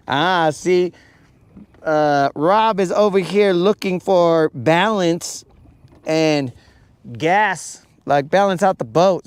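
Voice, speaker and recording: A man's voice: high voice, clean tone, dry recording. A man hosting a fishing show, joking around casually on a boat and calling people bro and dog. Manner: slangy, joking, keeps saying bro and dog.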